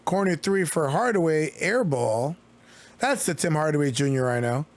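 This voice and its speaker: His voice a little high and animated, a man calls a basketball game on a live stream at a normal speed. The play-by-play is chatty and relaxed, broken up by jokey asides.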